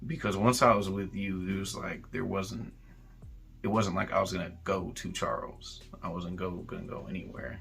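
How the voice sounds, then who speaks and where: A man's voice: low voice, fairly even intonation, normal speed, vocal fry, a bit bright, soft background music. A man in casual chat, earnestly explaining and owning up to his mistakes, with lots of fillers. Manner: earnest, apologetic, rambling with fillers. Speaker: co-host.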